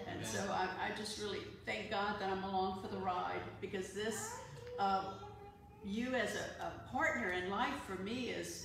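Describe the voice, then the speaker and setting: A woman co-pastor sharing a reflection in a sermon, earnest, steady and heartfelt. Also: medium pitch. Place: church. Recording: echoey sanctuary from far off with noise.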